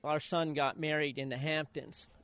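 A man's voice: a little high, moderate pace, clean tone, dry recording. A man in his sixties from Idaho, a retired jockey telling stories in an interview and acting out the quotes. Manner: lively anecdotal, acts out quotes. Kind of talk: storytelling in an interview.

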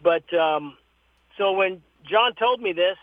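A man, a horse trainer, telling stories as an interview guest in a lively way, acting out the people he quotes. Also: high voice, slow, no echo. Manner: lively storyteller who acts out the people he quotes. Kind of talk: storytelling interview. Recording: tinny phone line.

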